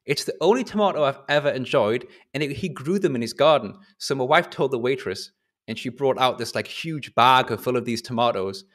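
A man hosting a casual podcast chat, telling a story in an animated, chatty way. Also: medium pitch, a little fast. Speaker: podcast host.

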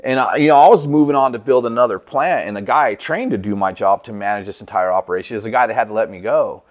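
A man with a medium-pitched voice and quick pace shares his recovery story casually and profanely. Laid-back in manner, he acts out what people said to him.

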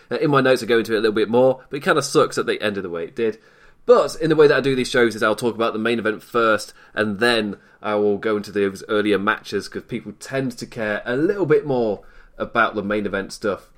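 A man's voice: medium pitch, a bit bright. A young British man hosting a wrestling podcast from home, chatty and self-deprecating, laughing often while he talks. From Britain. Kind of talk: casual solo commentary. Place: at home in isolation. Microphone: desk mic off to one side.

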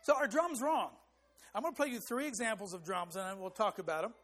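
A man with a fairly high voice delivers a sermon. He speaks emphatically and now and then sings short hymn phrases to demonstrate a rhythm. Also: a little fast, a bit bright. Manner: emphatic, rising for stress. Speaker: preacher.

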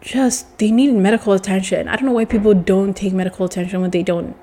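A woman's voice: medium pitch, fairly even intonation, quick pace, warm tone, slight background noise. A woman ranting to the camera in a casual vlog, swearing often and sounding exasperated. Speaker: vlogger.

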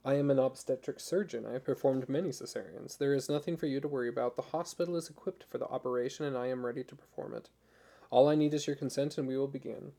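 A man's voice: mid-range voice, quick pace, vocal fry, dark tone. A man reading as a blunt, authoritative woman surgeon. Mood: clinical, firm. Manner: clipped, matter-of-fact.

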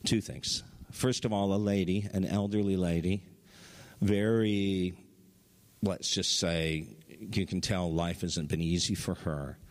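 A man preaching a sermon, telling stories with excitement and his voice jumping up high at the big moments. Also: slow pace, big-room sound. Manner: excited storytelling, voice rising high at highlights. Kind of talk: sermon testimony.

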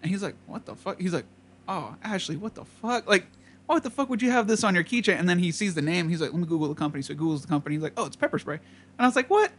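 A young man with a notably high voice tells a rambling party story to friends. His delivery is loose and profane, and he keeps acting out the other people in it. He laughs his way through the telling. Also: expressive, very fast, a bit bright, husky. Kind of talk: casual chat, storytelling.

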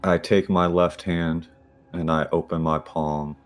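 A man playing in a tabletop game, describing his character's actions in a plain, measured way. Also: low-pitched, fairly even intonation, clear, resonant tone. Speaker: player.

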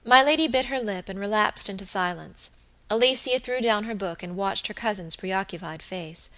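In a measured, expressive reading, a woman with a mid-range voice narrates a classic novel as an audiobook. The audio quality is poor.

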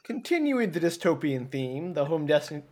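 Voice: mid-range voice, very animated, normal speed, darkish tone. A podcast guest making dry, wry remarks in casual chat.

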